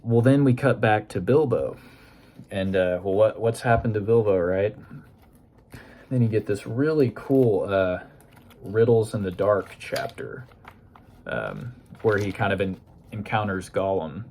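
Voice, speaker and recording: A man's voice: on the low side, expressive, unhurried, a little mellow, a little hiss or hum. A man casually talking through a book he read, rambling loosely and hedging often with "you know" and "kind of". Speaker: book discussion host. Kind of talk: casual spoken book review.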